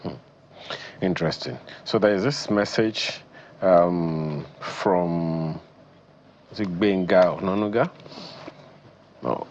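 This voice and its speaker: A man from Nigeria co-hosting a television talk show, asking measured questions and reading out viewer messages. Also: low-pitched, darkish tone, highs cut off, slight background noise. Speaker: TV show co-host.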